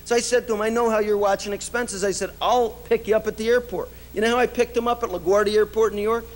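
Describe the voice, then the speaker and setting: High-voiced man telling stories on stage. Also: steady tone, fast. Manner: anecdotal, laughs often, many "you know"s. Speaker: business speaker. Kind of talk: keynote storytelling speech. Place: event stage before an audience.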